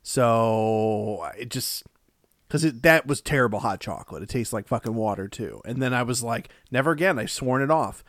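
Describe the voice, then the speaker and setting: A man's voice: medium pitch, normal speed, dry recording, clean studio sound. Rambling, crude-joking man on a podcast. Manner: rambling, crude, jokey, many filler words. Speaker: podcast co-host. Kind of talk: casual chat.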